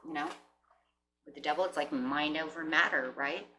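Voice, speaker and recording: A woman giving a casual tarot reading, chatty, often clearing her throat and checking in with "right?" and "you know?". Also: low-pitched, normal speed, sharp tone, slight background noise. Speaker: tarot reader. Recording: roomy echo.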